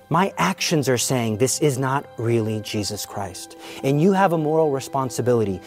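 A man's voice: medium pitch, lively intonation, normal speed, few pauses, soft background music. A man giving a fervent, emphatic teaching on the Eucharist, demonstrating with the hosts as he speaks and asking rhetorical questions.

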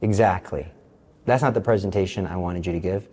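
A man doing a low, calm, stern voice of God. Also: fairly quick, slightly rough, long reverb tail.

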